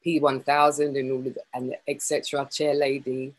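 Husky woman speaking haltingly. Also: extremely low pitch, little pitch movement, poor audio. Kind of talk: candid personal sharing on a call.

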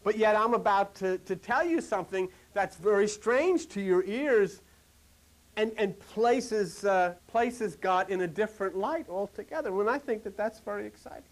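A man with a high voice preaching to a congregation. He talks in a loose, chatty way, circling back over his points, then climbs to an animated, emphatic pitch. His delivery is that of a sermon. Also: moderate pace. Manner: conversational, repetitive, rising to animated emphasis.

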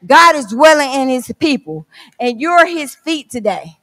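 A woman guest preacher delivers a fervent sermon, returning to her key phrases again and again. Her voice sits high. The church hall gives it a long, lingering reverb. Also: expressive, normal speed. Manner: fervent, repeats phrases for emphasis. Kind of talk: sermon with scripture and poem reading.

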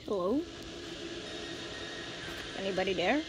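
Woman, gaming host, unhurried talk, chatty reactions, steady background noise. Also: mid-range voice. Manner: chatty, reacting out loud to each round. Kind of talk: casual gameplay commentary. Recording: noisy home recording.

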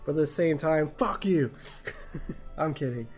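A man's voice: fairly high pitch, expressive, a little fast, faint music behind. Crude joking male game streamer. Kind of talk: live gameplay commentary.

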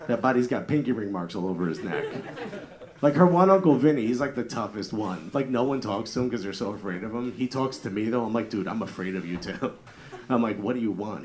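A man in his thirties with a New Jersey accent, doing a brash, profane stand-up set and riffing with the crowd in a live comedy club. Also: on the low side. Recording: live club audio with loud crowd laughter. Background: crowd laughing.

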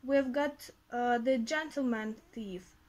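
A woman reading a story aloud briskly, with occasional fillers. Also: a little high, darkish tone, poor audio. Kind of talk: reading a graded reader aloud.

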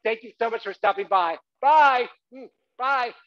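Man doing a prim middle-aged mom, sing-song, overly polite, raised pitch, lo-fi sound. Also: unhurried, fairly bright tone. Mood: politely firm. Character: fussy polite middle-aged mother shooing hikers.

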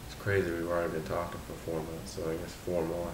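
A man's voice: sits low, monotone, quick pace, roomy sound, noisy background. A young man, a missionary, talking in a laid-back, goofy way in casual video messages. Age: young adult. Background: guitar music.

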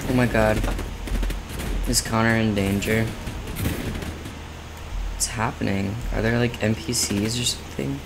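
Excitable young man streaming a game. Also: fairly low pitch, a little slow, gravelly, pauses often, background noise. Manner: excitable, swearing, exclamatory reactions. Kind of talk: casual gaming stream chatter.

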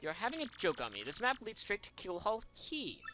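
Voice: mid-range voice, huge pitch swings, a little fast, sharp tone, a little hiss or hum, pitched above the performer's own voice. A gamer doing a flamboyant Spanish-accented merchant. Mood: pompous, theatrical. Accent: put-on Spanish accent. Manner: pompous, theatrical, grandiose. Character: flamboyant rich merchant man, vain and dramatic. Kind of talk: let's play reading of game dialogue.

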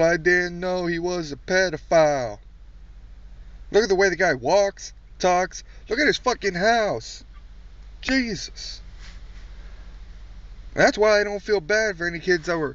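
A man's voice: fairly high pitch, a bit bright, dry recording. A man doing a profane comedic rant, blunt, crude and mocking. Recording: distant dull recording.

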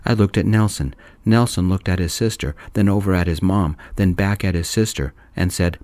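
A soft-spoken man narrating a story in a calm, gentle manner. His voice is very low and deep. The recording sounds close and dry, with no room around it. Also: normal speed, hardly any pauses, dry recording.

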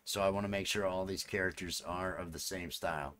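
A man's voice: low voice, fairly even intonation, a little fast, a bit bright. A man chatting casually with viewers during a live stream. He rambles and repeats his phrases as he works, and he.

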